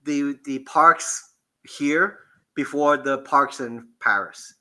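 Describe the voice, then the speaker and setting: Male co-host, sharp bright tone, stop-start casual talk. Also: medium pitch, takes it slowly. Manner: hesitant, restarts words. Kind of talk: casual chat.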